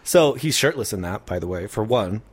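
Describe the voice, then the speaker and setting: A man's voice: lowish voice, animated, normal speed, crowd noise. A young man co-hosting a podcast in casual chat, making dry jokes and thinking aloud as he goes. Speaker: podcast co-host.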